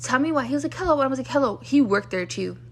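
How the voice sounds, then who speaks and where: A young woman vlogger gives a loose, rambling storytime rant to her camera, sounding exasperated and fed up. Her slightly high voice races with lively intonation, packed with "like," as she acts out what the people she's complaining about said. There's slight background noise.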